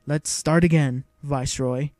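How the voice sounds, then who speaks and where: A man reading aloud and voicing a young queen who speaks in a cool, calm and commanding manner. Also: fairly high pitch, fairly quick, no room sound, soft background music, lightly acted.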